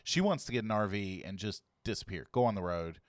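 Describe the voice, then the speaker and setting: A man hosting a podcast, easygoing and agreeable in casual chat, quick to laugh. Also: lowish voice, expressive, no room sound, studio quality. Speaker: podcast host.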